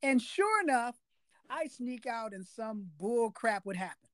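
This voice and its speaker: A man's voice: very high-pitched, big pitch swings, unhurried, fairly bright tone, dry recording. A man hosting a podcast interview, talking emphatically in a casual way and repeating key phrases for weight. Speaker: podcast host.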